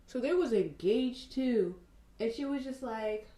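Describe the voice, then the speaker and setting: Lively young woman chatting while doing makeup. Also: fairly high pitch, roomy sound. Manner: animated, laughing storyteller, drawn-out exclamations. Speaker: podcast host. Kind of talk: casual get-ready-with-me chat.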